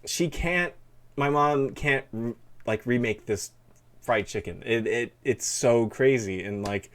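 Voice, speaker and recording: A man's voice: mid-range voice, takes it slowly, fairly bright tone. A man hosting a live stream, chatting in a rambling, casual way and reading chat aloud. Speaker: streamer host.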